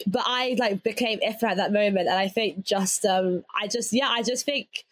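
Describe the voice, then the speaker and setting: A woman's voice: medium pitch, normal speed, dry recording. A young adult woman with an English accent, talking casually as an interviewee, laughing often and leaning on fillers like "like".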